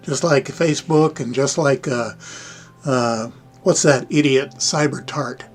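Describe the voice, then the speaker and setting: A man's voice: medium pitch, measured pace, soft background music. An older American man with a Midwestern accent, hosting a casual live-stream chat in a rambling, folksy way with chuckling asides. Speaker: livestream host.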